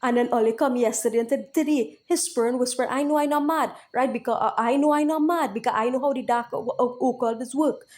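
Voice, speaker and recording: A woman's voice: high voice, fast, hardly any pauses, a little mellow. A woman delivering an angry venting monologue, repetitive and emphatic with profanity, who keeps asking "right?".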